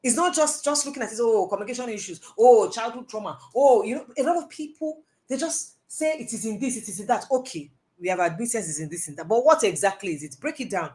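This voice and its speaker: A woman's voice: fairly high pitch, animated, fast, hardly any pauses. A woman giving a live talk, answering audience questions in an earnest, emphatic way and repeating phrases for stress. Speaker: personal development speaker.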